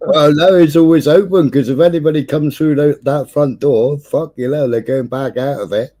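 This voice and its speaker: A man's voice: fairly high pitch, normal speed. A man from England hosting a livestream, telling a long story in casual chat, swearing constantly and acting out the voices of people in it. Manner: sweary, lively, acts out quoted voices. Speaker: livestream host.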